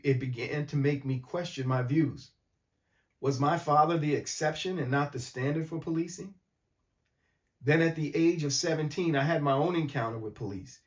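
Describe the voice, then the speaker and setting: A man from mid-state New York, calmly recounting a personal story in a documentary interview. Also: mid-range voice.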